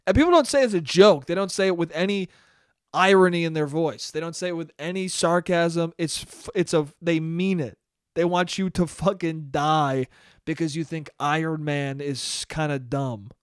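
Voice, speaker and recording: A young man hosting a solo podcast, ranting with animated energy, swearing often and mocking people's voices. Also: fairly high pitch, moderate pace, clear, resonant tone, no echo, studio quality. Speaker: podcast host.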